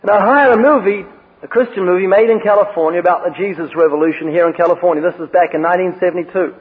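A man with a high voice preaches a sermon, telling stories and acting out quoted lines with emphasis. The sound is thin and phone-like, like an old radio broadcast, with a long echo trailing behind him. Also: quick pace, husky.

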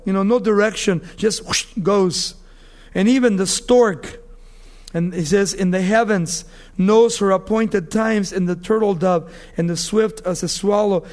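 Man, high-pitched, preaching a sermon, emphatic, reads scripture slowly, acts out quoted voices. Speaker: pastor.

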